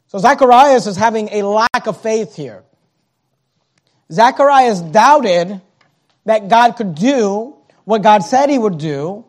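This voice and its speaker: A male preacher delivers a sermon in a dramatic way. His delivery swings between loud declarations and hushed asides. His voice sits very high for a man. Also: expressive, slow pace.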